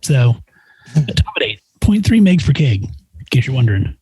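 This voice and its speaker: A man's voice: medium pitch, moderate pace, slightly rough, no room sound, low-quality recording. A man guesting on a podcast as a nurse practitioner, telling a story casually and acting out the voices of the people in it. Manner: animated, acts out quoted voices.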